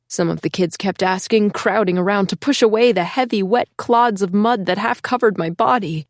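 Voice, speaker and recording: A woman reading a first-person thriller audiobook in an emotional, hushed storytelling voice. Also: mid-range voice, normal speed, few pauses, no room sound, clean studio sound. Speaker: audiobook narrator.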